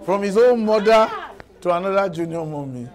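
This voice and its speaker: A man's voice: sits high, normal speed. A man preaching a sermon, telling stories and scolding his listeners with laughter in between. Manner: animated storytelling, laughing at his own points, scolding.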